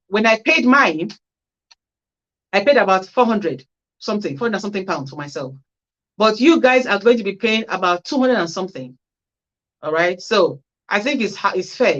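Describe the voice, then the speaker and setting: A care worker hosting a casual livestream, reading out viewer comments and answering each with chatty, practical advice. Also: female voice, mid-range voice, highs cut off.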